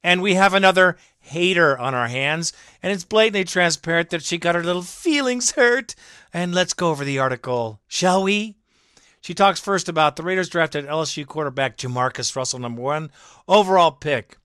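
High, tense sarcastic ranting man. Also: moderate pace, bright, forceful tone, smooth, no echo, studio quality. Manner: sarcastic, mocking, indignant; rants, swears, directly addresses absent critic. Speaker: podcast host. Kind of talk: ranting sports commentary.

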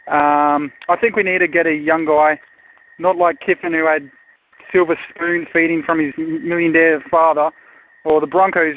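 A man's voice: on the high side, a little hiss or hum. An Australian man calling in to a radio show, rambling and sardonic, with many fillers. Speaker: caller. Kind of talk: phoned-in voicemail rant. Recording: tinny phone line.

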